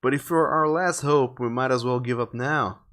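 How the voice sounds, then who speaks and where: A man's voice: medium pitch, normal speed, a bit bright, close to an everyday voice. A man voicing a scornful, mocking winged creature in a game.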